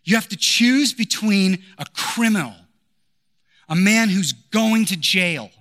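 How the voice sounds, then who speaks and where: A man voicing a chatty junior-high girl who eagerly poses a dilemma to her friends. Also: expressive, slow pace, a bit bright. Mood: excited.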